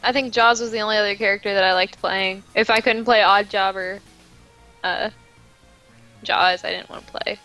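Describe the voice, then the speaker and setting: A woman's voice: medium pitch, fairly even intonation, normal speed, pushed and bright, faint music behind, low-quality recording. A woman chatting on a casual online call, giving short, joking replies.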